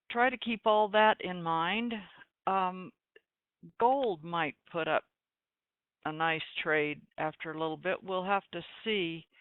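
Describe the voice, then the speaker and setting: A woman's voice: on the low side, smooth, no echo. A woman hosting a live trading webinar, giving folksy, chatty market commentary with dry sarcastic asides. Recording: tinny phone-like line, dry.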